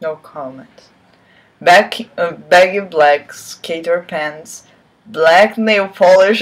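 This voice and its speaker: A woman's voice: fairly low pitch, slow. A woman giving a mocking dramatic reading of a fan story, breaking off for sarcastic asides. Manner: sarcastic asides between read lines; swears and laughs at the text. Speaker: reader of fan fiction.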